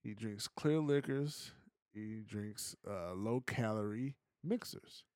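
A man co-hosting a podcast, giving his opinions in a relaxed, slangy, casual chat. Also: on the low side, takes it slowly, clear, resonant tone, no echo, clean studio sound. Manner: laid-back, opinionated, slangy. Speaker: podcast co-host.

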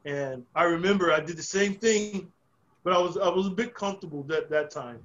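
Profane man telling stories, slightly high voice. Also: a little fast, fairly bright tone, dull audio. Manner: profane, rambling with frequent restarts. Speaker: podcast guest. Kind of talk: casual storytelling.

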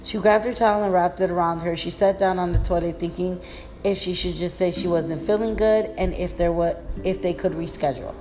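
A woman's voice: fairly low pitch, steady tone, fairly quick, a little mellow, slight background noise. A woman reading a story aloud in a plain manner, with small slips and restarts.

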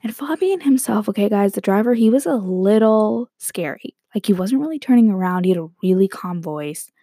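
A young woman casually telling a rambling story to her viewers, animated and quick to laugh. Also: mid-range voice, no echo, studio quality. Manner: animated, rambling, breaks into quoted voices and laughs.

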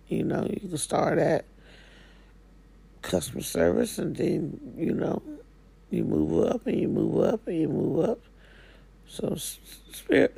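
Slow-talking woman with a real husky rough voice, folksy slang, chatting from her living room. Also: low voice, warm tone. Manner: folksy, drawling, slangy Southern-style speech. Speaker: spiritual coach. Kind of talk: casual motivational talk.

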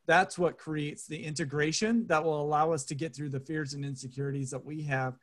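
Male author guest, fairly high voice, eager, reflective interview delivery. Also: fairly even intonation, fairly quick. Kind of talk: casual interview chat.

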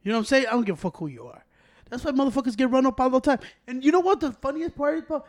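A man chatting casually on a podcast, telling animated stories with loud acted-out quotes and lots of laughter. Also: very high voice, very fast. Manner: animated storytelling, acts out quotes loudly; swears a lot, laughs often. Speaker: podcast co-host. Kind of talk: casual chat.

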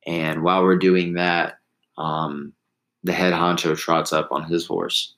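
Low-voiced man rambling through a story. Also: level tone, slow, fairly bright tone, low-quality recording. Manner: rambling, restarts, laughs at himself, acts out quotes. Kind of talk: casual storytelling.

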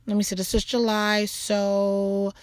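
A woman, a mother, talking casually about faith and trust, telling a rambling personal story full of "you know" asides and animated jumps in her voice. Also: medium pitch, unhurried, clear, resonant tone, no echo. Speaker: mother sharing a faith talk.

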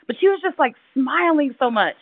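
Woman cohost, high voice, lively storyteller, tinny phone-like sound. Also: moderate pace, no room sound. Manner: animated storyteller, acts out quotes in high voices. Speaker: podcast co-host. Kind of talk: casual chat. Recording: tinny phone-like remote line.

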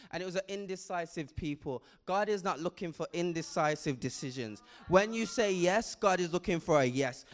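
A man preaching a sermon with impassioned delivery, building to loud emphatic peaks with frequent repetitions and restarts. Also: a little high, clean tone.

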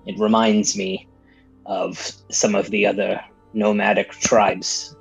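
A man playing a character in a tabletop game, speaking haltingly. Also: on the low side, animated, creaky, slightly rough, soft background music, poor audio. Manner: halting, hesitant. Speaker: player.

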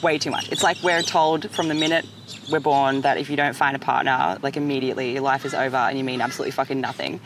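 Casting: lively woman host, emphatic and sweary, slight background noise. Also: deep voice. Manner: animated, emphatic, swears casually. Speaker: podcast host. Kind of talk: casual chat.

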